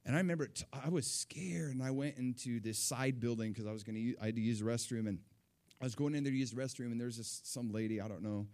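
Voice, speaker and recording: Male storyteller, mid-range voice, casual testimony, swings from hushed to excited. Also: mid-range voice, fast. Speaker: speaker sharing a testimony.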